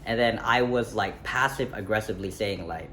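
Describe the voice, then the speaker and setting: A young man tells a personal story in a loose, casual vlog style. His voice sits on the low side, and he rambles, backtracks and leans on fillers. Faint outdoor ambience hums behind him. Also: normal speed, sharp tone. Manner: rambling, self-correcting, many fillers and "like". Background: faint street ambience, passing traffic.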